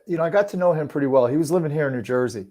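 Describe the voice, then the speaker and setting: Quick-talking man recalling his hockey days. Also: a little high, dark tone. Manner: earnest, fills talk with "you know" and restarts. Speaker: podcast guest, former hockey player. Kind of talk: casual conversation.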